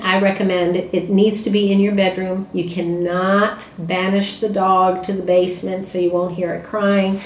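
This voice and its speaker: A middle-aged woman, a puppy breeder giving advice in a chatty, matter-of-fact way with many fillers. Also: medium pitch. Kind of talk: casual spoken advice. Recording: echoey room.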